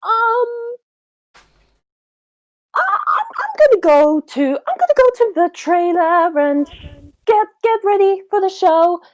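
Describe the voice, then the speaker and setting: A woman's voice: very high-pitched, big pitch swings, slow pace, pauses often, voice pushed up, exaggerated voice. A woman voicing a small, nervous male wrestler who stammers and gets flustered.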